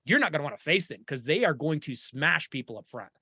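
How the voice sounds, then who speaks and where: A man hosting a sports talk show, talking in an animated, opinionated and jokey way. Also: fairly high pitch, fast talker. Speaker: podcast host.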